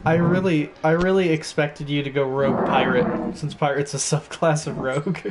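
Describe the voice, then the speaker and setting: A man's voice: fairly high pitch, fairly even intonation, normal speed, heavy background noise. A man running a tabletop game as game master, chatting casually and laughing often.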